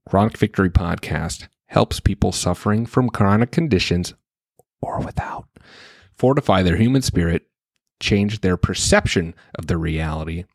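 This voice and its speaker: A man with a fairly low voice hosts a solo podcast, musing aloud and often restarting his sentences. He talks frankly, with the odd curse. The sound is dry and close, with no room echo. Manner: reflective and rambling, with frequent restarts; frank, with occasional swearing. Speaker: podcast host. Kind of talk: casual solo podcast monologue.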